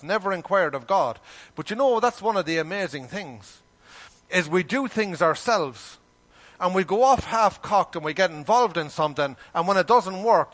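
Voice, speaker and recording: A man preaching a sermon, animated and full of rhetorical questions, with folksy everyday grammar. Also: sits high.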